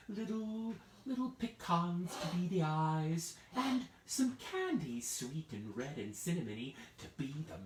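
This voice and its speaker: A man's voice: a little high, a little hiss or hum. A man telling a children's story live online, playful, and prompting listeners to act along. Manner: playful, lively, addresses listeners with hand-play prompts. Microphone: video call. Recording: roomy, distant from the mic.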